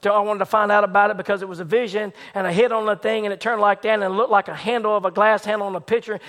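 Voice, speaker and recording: Male preacher, very high voice, storytelling sermon, swings from shouting to near-whisper. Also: very fast. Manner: dramatic, rising to excited shouts in retold scenes, dropping to hushed lows.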